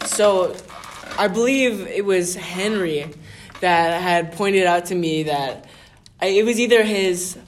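A man's voice: sits high, takes it slowly, slight background noise. A man co-hosting a podcast, chatting casually with friends in a joking, teasing way and laughing often. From father from the United Kingdom. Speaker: podcast co-host. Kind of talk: casual banter among friends.

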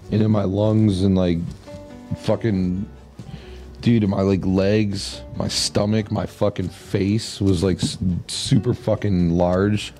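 A man co-hosting a podcast, talking in a laid-back, profane way with drawn-out pauses. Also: on the low side, warm tone. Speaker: podcast co-host. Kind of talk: casual chat.

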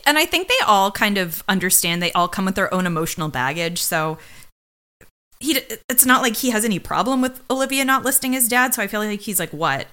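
A woman's voice: mid-range voice, expressive, a little fast, sharp tone. A young woman co-hosting a podcast, chatting casually and playfully with dramatic jokey asides. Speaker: podcast co-host. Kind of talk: casual recap chat.

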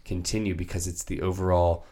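Man, podcast host, very low voice, reflective, casual. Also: little pitch movement, a little fast, mellow. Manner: reflective, repeats himself with restarts. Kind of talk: casual interview questions.

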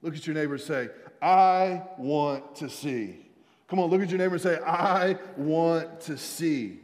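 A man preaching a sermon as a pastor in a church, energetic and calling out to the congregation, with jokey asides. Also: mid-range voice. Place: church sanctuary. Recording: long church hall reverb.

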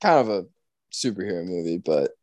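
A young man co-hosting a podcast in casual chat, animated and swearing freely, with sudden loud outcries. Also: deep voice, a little fast, no echo, dull audio. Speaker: podcast co-host.

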